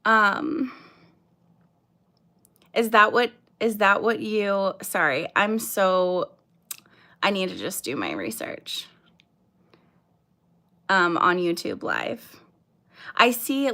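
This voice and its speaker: A woman in her thirties talks slowly through a casual livestream. She sounds nervous and apologetic, and her speech is full of fillers and restarts as she greets viewers by name. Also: mid-range voice, fairly bright tone. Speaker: livestream host.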